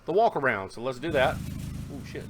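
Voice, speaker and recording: A man's voice: mid-range voice, big pitch swings, brisk, noisy background. A man, talking casually and rambling in a hobby video, with fillers and self-corrections. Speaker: car audio hobbyist vlogger. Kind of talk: casual vlog narration.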